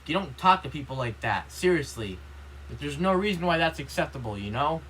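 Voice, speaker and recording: A man's voice: fairly high pitch, big pitch swings, fairly quick, fairly bright tone, slightly rough, low-quality recording. A man vlogging in a casual, rambling monologue, indignant and complaining, filling every line with "you know" and "like".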